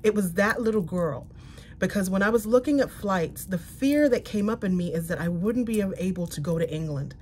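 A woman's voice: medium pitch, expressive, moderate pace, darkish tone, a little hiss or hum. A woman vlogger talking candidly to her viewers while getting ready at home, emphatic and direct. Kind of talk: casual get-ready-with-me talk.

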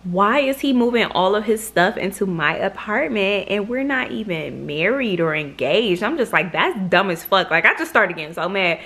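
A woman's voice: medium pitch, animated, normal speed, few pauses, a bit bright. A young woman from Michigan telling a casual storytime vlog, chatty, swearing freely and acting out what people said. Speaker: vlogger.

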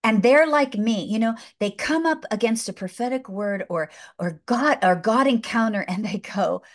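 Appearing on a faith-based podcast, this author builds her points with preacher-like passion, repeating and restarting phrases. She gets emotional, close to tears at times, speaking at a normal speed in a fairly high voice.

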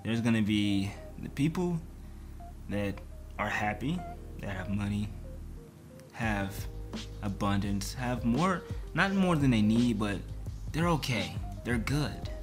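A young man vlogging a frustrated, animated rant about his job, stumbling and restarting as he talks. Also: fairly low pitch, takes it slowly, pauses often, faint music behind. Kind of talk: ranting to camera.

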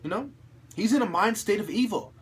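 A man ranting to camera in a heavily husky, breathy voice that sits a little high. He swears constantly and pushes hard, building his monologue into aggressive shouts. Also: lively intonation, brisk. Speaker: channel host.

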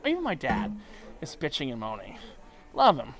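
A man's voice: medium pitch, wildly swooping pitch, normal speed. A drunk man vlogging aboard a cruise ship, rambling emotionally and swearing often. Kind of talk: casual vlog monologue.

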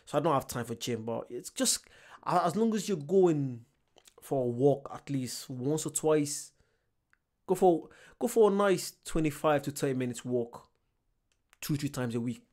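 Relaxed man chatting in a reaction vlog. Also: fairly high pitch, a little slow. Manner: relaxed, repeats phrases. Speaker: vlogger. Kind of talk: casual reaction chat.

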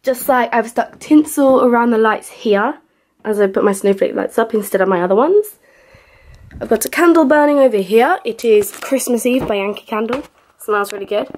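A young woman vlogging at home in her bedroom, filming herself on a handheld camera. She talks quickly and chattily, rambling along and sounding a little out of breath. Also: on the high side, darkish tone. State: slightly out of breath. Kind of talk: casual vlog chat.

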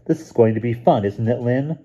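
A man's voice: mid-range voice, brisk, warm tone, breathy edge, dull audio, voice pushed up, lightly acted. A man reading a storybook aloud, voicing a small, cheerful boy who speaks in a chirpy, childlike way.

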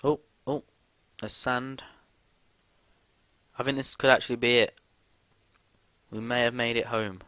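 A man's voice: mid-range voice, fairly even intonation, measured pace, long pauses, sharp tone, smooth, no echo. A young man swearing his way through casual gameplay commentary, jumpy and given to sudden screams.

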